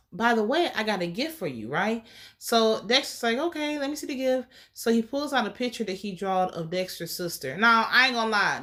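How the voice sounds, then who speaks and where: A woman's voice: medium pitch, a bit bright. A woman recapping a TV episode in a sassy, profane, casual way, acting out the characters' lines as she goes. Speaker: TV show reviewer.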